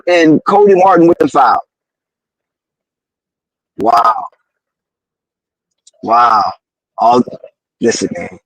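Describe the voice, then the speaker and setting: A man doing fan play-by-play of a basketball game, excitable, slangy and loudly outraged at the referees. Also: a little high, no room sound, rough recording. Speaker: live game commentator.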